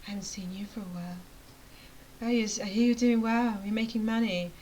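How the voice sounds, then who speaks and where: A woman's voice: medium pitch, fairly even intonation, brisk, a little mellow, a little hiss or hum, close to an everyday voice, rough recording. A woman doing a wheedling fake old friend.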